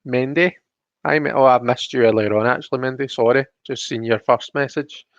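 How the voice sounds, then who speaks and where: Male stream host, gravelly, chatty, dull dry home-mic sound. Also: mid-range voice, steady tone, a little fast, no room sound. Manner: chatty, greets viewers by name, reads chat aloud. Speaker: livestream host. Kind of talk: casual live-stream chat.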